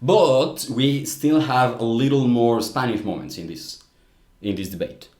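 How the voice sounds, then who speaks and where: A man's voice: medium pitch, measured pace, a little mellow. A man giving casual video commentary on clips, thinking aloud in a frank, critical way. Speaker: language commentator. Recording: roomy echo.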